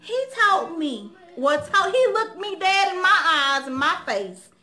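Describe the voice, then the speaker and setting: A woman's voice: very high voice, sing-song, measured pace, bright, forceful tone. A young woman hosting her own channel, talking straight to the viewers in a casual, outspoken chat and telling stories with a lot of animation. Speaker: vlog host.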